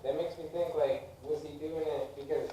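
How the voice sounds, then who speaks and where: Man with a slightly high voice, far off-mic. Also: fairly even intonation, moderate pace, mellow. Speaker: podcast co-host. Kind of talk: casual chat. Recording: echoey room, far from the mic, faint noise.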